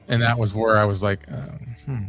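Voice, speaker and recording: A man's voice: fairly low pitch, little pitch movement, brisk, a bit bright, faint music behind. A man co-hosting a podcast, chatting casually, laid-back and skeptical. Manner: laid-back, skeptical, short agreeing replies. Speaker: podcast co-host. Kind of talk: casual chat.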